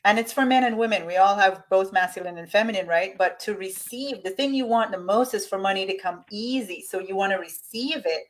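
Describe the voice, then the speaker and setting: A woman's voice: mid-range voice, brisk, few pauses. Motivational woman coaching live viewers. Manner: enthusiastic, motivational, speaks straight to viewers. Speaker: host, money mindset coach. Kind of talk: live online coaching session.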